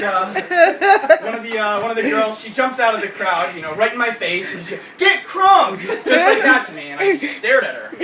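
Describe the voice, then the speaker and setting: A young man doing a crude, ranting stand-up routine with mock outrage. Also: high voice. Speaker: stand-up comedian. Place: comedy club stage. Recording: echoey club from a distant mic, crowd laughing.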